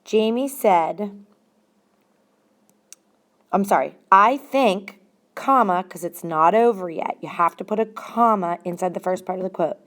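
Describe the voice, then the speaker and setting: A woman's voice: fairly low pitch, measured pace, pauses often. A woman teacher giving a grammar lesson, explaining step by step and stressing single words.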